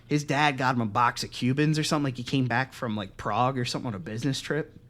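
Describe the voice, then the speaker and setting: A young man co-hosting a podcast, telling a story in casual, profane chat and acting out the other voices loudly. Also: medium pitch, fast. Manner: animated, profane, acts out quoted voices loudly. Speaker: podcast co-host.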